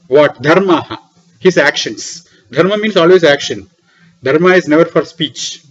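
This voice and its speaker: A man giving a lecture on scripture in a small room beside a temple library. He asks questions and answers them himself, and repeats key terms for emphasis. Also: fairly high pitch. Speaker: lecturer on Vedic philosophy. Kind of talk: classroom lecture explaining scripture. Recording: dull, lo-fi lecture recording.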